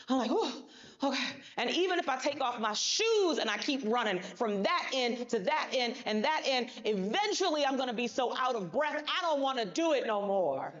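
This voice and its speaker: A woman's voice: fairly high pitch, muffled recording. Emphatic woman speaker on a stage. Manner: emphatic, colloquial, addresses the audience directly. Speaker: motivational speaker. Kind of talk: motivational stage speech. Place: conference stage.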